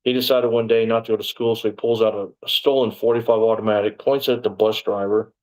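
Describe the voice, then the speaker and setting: A man's voice: fairly low pitch, flat delivery, fast, poor audio. A man from Texas, a former police officer telling his story in a casual interview, rambling and digressive with lots of "you know".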